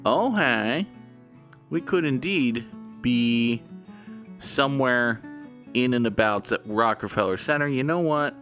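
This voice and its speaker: A man's voice: mid-range voice, lively intonation, slow pace, long pauses, fairly bright tone, faint music behind. A man casually commenting while he plays a guessing game, rambling and joking to himself and swearing now and then. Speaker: gaming YouTuber.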